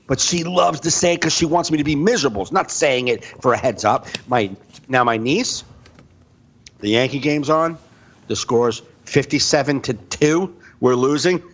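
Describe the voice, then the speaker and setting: A man's voice: medium pitch, moderate pace. A man co-hosting a podcast, telling comic stories in casual, profane chat. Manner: animated storyteller, swears freely. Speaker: podcast co-host.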